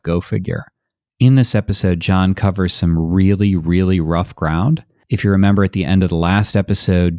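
With a deep, slightly mellow voice, this man hosts a podcast interview in a conversational style. He's thoughtful and reflective, often restarting his sentences, and the recording is dry and studio quality.

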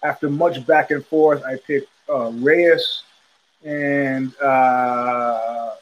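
A man's voice: mid-range voice, fairly even intonation, drawn-out words, highs cut off, slight background noise. An older man hosting a casual talk show, rambling through stories and acting out the voices of people he quotes. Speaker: podcast host. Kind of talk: casual storytelling chat.

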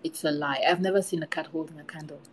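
A woman's voice: low voice, fairly even intonation, fast, close to an everyday voice. A woman voicing a clever young orphan boy, the youngest brother in a folktale reading.

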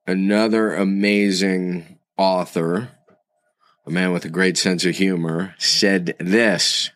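A man leading a recorded course lesson, unhurried and reflective, fond of quotes and word origins. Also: low voice, no room sound. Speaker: course instructor.

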